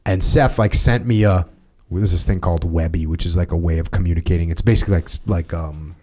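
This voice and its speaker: An American man with a lowish, dark, mellow voice, speaking steadily and matter-of-factly. He talks in a relaxed podcast conversation and drops in casual fillers as he thinks aloud. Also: fast talker. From United States. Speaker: former Navy SEAL leader.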